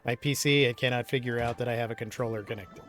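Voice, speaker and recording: A man's voice: mid-range voice, steady tone, fast talker, music in the background. Chatty man narrating his gameplay. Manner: chatty, rambling, with fillers and small laughs. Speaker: gaming streamer. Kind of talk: casual let's-play commentary.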